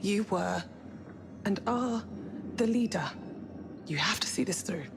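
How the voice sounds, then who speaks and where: An actress playing a firm, supportive female crew member who speaks in a steady, reassuring way. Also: medium pitch, measured pace, gravelly, background noise.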